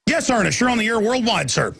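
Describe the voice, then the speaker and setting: A man in his forties hosting a radio talk show, telling a rambling story and breaking into high mocking squeals when he imitates people. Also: sing-song, fast, gravelly, a bit bright, breathy edge.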